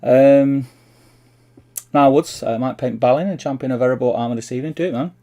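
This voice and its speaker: This Mancunian man runs a casual livestream, chummily calling viewers "mate" as he rambles and reads their comments aloud. His mid-range voice is mellow and brisk, and he's from Manchester, England.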